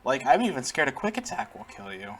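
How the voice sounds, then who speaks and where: A man's voice: on the high side, big pitch swings, brisk, vocal fry, fairly bright tone, breathy edge, faint music behind. A man casually commenting while he plays a video game, chatty, laughing often and talking to the characters on screen. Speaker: gaming channel host. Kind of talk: casual let's-play commentary.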